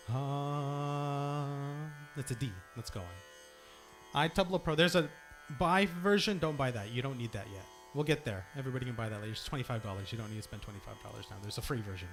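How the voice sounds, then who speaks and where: A man's voice: fairly high pitch, a bit bright. A young man at a temple, teaching a congregation how to practice long sung notes, encouraging and demonstrating as he goes. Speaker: temple singing leader. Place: temple hall.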